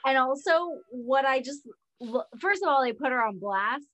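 A woman's voice: sits high, expressive, moderate pace, a bit bright. A woman in a casual podcast chat, blunt and profane as she rants.

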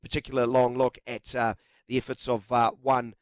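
A man's voice: medium pitch, flat delivery, normal speed, clean tone, dry recording. A man hosting live sports talkback radio in a studio, chatty and jokey with lots of filler words. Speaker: radio sports show host. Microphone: studio microphone.

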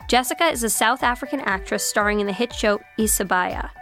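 A woman's voice: on the high side, brisk, over music. A woman hosting a radio interview show from a studio, effusive and joking, laughing often. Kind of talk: warm, chatty interviewing.

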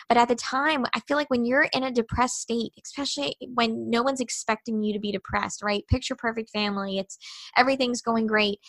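A woman's voice: on the high side, a bit bright, no room sound. A woman in her thirties, a podcast guest, telling a personal story in a candid, earnest way and acting out the conversations she remembers.

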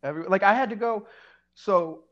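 Excitable man telling stories. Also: sits high, moderate pace, highs cut off. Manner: excitable, profane storytelling. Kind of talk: casual chat.

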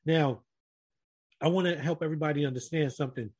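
Here is a man sharing a story on a relaxed group podcast, his voice sitting a little high for a man. He talks earnestly and keeps turning to address the others in the room. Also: a little fast. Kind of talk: casual group podcast chat.

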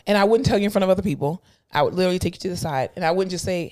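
A young woman co-hosting a podcast in casual chat, blunt and animated, laughing often. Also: on the low side, rapid-fire, few pauses. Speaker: podcast co-host.

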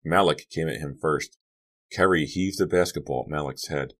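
Male audiobook narrator, very deep voice, steady and dramatic read. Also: moderate pace. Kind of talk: scripted narration.

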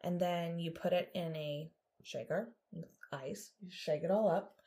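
A woman co-hosting a casual podcast with her mother, chatty and quick to laugh while she sets up a true crime story. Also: lowish voice, mellow. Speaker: podcast co-host; daughter of co-host, telling a true crime story. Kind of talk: casual chat.

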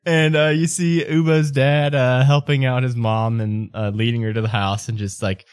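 A man's voice: medium pitch, fairly even intonation, normal speed, clean tone, no echo, studio quality. A man narrating as game master in a casual way, laughing often.

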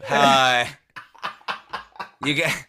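A man's voice: mid-range voice, level tone, very slow, noisy background. A man co-hosting a casual sports podcast, enthusiastic and opinionated. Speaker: podcast co-host.

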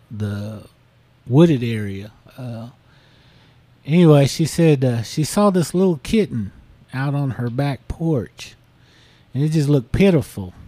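A man's voice: mid-range voice, mellow, no echo. A man casually retelling a listener's story on a podcast, full of fillers and restarts. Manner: rambling, many fillers like "you know". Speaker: podcast host.

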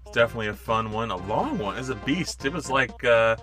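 A man's voice: mid-range voice, animated, a bit bright, soft background music. A young man co-hosting a casual podcast, chatting and joking with frequent laughs. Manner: laughing, joking, quick asides. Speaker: podcast co-host. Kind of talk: casual chat.

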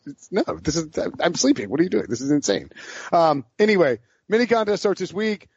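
Male podcast host, fairly high voice, rambling and animated, quick to laugh; dull, dry lo-fi mic. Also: breathy edge, dry recording. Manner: rambling, animated storyteller who laughs mid-sentence. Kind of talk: casual sports podcast banter.

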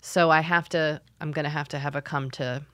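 A woman's voice: low voice, steady tone, brisk, a bit bright, no room sound, studio quality. A woman in her thirties co-hosting a podcast, rambling and stumbling over her words. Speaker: podcast co-host. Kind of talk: casual chat.

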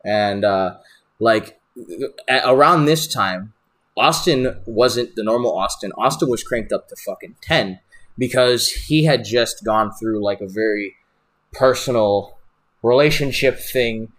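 Profane, animated male storyteller. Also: on the low side, measured pace. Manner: profane, animated, rambling with many restarts. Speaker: podcast guest, wrestler. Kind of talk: casual storytelling.

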